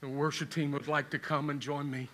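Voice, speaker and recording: A middle-aged male pastor preaching a sermon and making an altar call, pleading with repeated questions and rising to loud calls in a church. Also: fairly high pitch, flat delivery, brisk, slight background noise. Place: church sanctuary.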